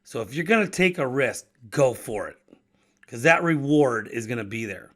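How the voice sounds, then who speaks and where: Man in his fifties, bright voice, medium pitch, casual solo host, restarts words, chuckles often. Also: expressive, moderate pace. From Wisconsin. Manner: conversational, repeats and restarts words, laughs between thoughts. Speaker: podcast host and business owner.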